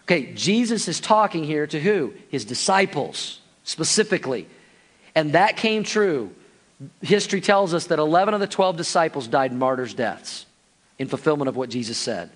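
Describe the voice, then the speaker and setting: A man's voice: on the high side, animated, moderate pace. A pastor preaching a sermon, talking straight to his congregation and acting out their reactions. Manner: addresses the congregation directly, acts out listeners' reactions.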